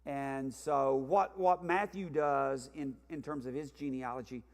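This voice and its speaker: A man's voice: mid-range voice, fairly even intonation, unhurried, vocal fry. A man teaching a Sunday Bible class in an earnest lecturing manner, repeating his key points and restarting his sentences. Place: church classroom. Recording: church hall with long reverb.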